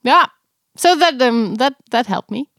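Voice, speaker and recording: Lively chatty woman podcast co-host. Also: high-pitched, measured pace, dry recording, clean studio sound. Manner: laughs often, lively and chatty. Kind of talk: casual chat.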